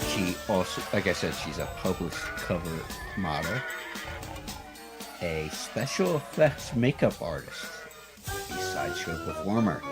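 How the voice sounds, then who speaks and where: Low, slow-talking showman host. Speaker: podcast host. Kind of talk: casual podcast interview.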